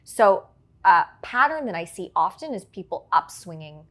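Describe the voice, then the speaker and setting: A woman's voice: medium pitch, big pitch swings, moderate pace, fairly bright tone. Articulate woman coaching on speaking. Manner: articulate, explains with examples and frequent "right?". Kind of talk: instructive interview answers.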